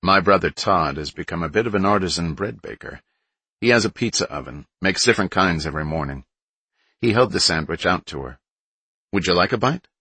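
A direct, plain-spoken survivor, as a male narrator plays him. The voice is deep and slightly husky, with a tense, bright edge, and the read is dry. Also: a little fast, no room sound, full character voice. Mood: friendly. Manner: blunt, steady. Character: direct, calm survivor man.

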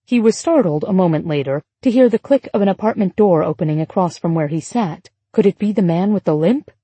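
A woman narrating an audiobook in a steady, measured storytelling voice. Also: fairly low pitch, slightly rough, dry recording. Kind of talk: scripted narration.

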